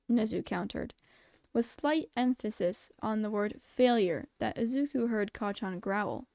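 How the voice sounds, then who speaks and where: A woman reading fan fiction aloud as a podfic, with steady, clear storytelling narration. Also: mid-range voice, measured pace, no room sound, studio quality. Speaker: podfic reader.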